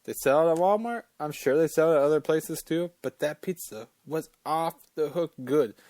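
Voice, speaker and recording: A man's voice: a little high, normal speed, a little mellow, no room sound. A man hosting a casual sports talk show, ranting about college football rankings in an opinionated, fired-up way and cussing as he gets worked up.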